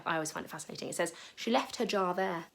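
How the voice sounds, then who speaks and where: A woman's voice: on the low side, rapid-fire, vocal fry, very noisy. A woman and youth leader retelling a Bible story in a chatty, comic way, with gasps and playful asides.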